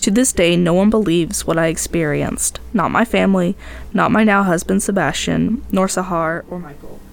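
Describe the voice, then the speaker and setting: A woman's voice: fairly low pitch, moderate pace, creaky. A woman podcast host narrating a tense first-person tale in a dramatic storytelling manner.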